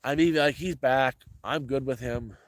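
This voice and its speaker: A man's voice: mid-range voice, a little slow, dry recording. A man talking casually to his viewers in a rambling way, restarting and repeating himself often. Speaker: vlogger. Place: rural off-grid homestead, cold.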